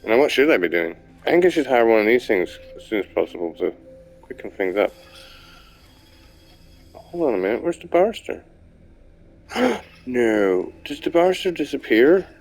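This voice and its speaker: A man's voice: mid-range voice, very animated, moderate pace, gravelly, long pauses, a little mellow, poor audio. A young man giving casual, rambling commentary while playing a video game, swearing now and then. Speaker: gamer. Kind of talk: casual let's-play commentary. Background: game music.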